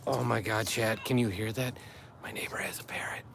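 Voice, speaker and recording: A man's voice: fairly low pitch, fairly even intonation, fairly quick, vocal fry, a bit bright, a little hiss or hum. A man hosting a casual live chat by a backyard fire at night, joking and laughing as he talks to viewers. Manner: joking, laughs often, reads chat aloud. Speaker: livestream host, father.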